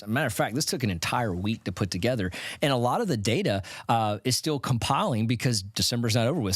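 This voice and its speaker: A man's voice: on the low side, dry recording, clean studio sound. A man hosting an educational finance podcast, talking in a casual, conversational way with some stumbles and restarts. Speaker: podcast host.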